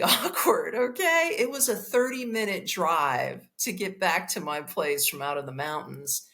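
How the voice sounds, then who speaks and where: A woman hosting a podcast, telling a story in a blunt, profane, animated way and acting out the dialogue. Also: fairly low pitch. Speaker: podcast host. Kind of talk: casual storytelling monologue.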